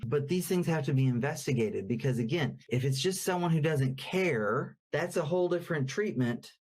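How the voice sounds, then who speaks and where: A man's voice: medium pitch, darkish tone. A man teaching as a therapist in a conversational, explanatory way, acting out quoted examples now and then. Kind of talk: educational talk.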